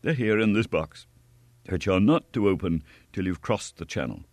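A man's voice: fairly low pitch, animated, normal speed, darkish tone, dry recording. A man voicing a cold, arrogant male nobleman who talks in a curt, clipped way in an audiobook story.

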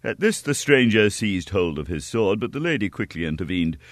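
A man narrates an adventure audiobook in a deep voice with wide, lively swings of pitch. The recording is close and dry, with no room sound. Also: moderate pace, no room sound. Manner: lively, expressive storytelling.

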